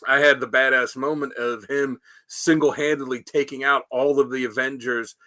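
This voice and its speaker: A man co-hosting a podcast, with a bright, tense-edged voice recorded close and dry. He rambles through his stories, leaning on fillers and restarts. The talk is loose and casual. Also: medium pitch, level tone, normal speed, no room sound. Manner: rambling, many "you know" fillers. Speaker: podcast co-host. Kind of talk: casual chat, retelling comic scenes.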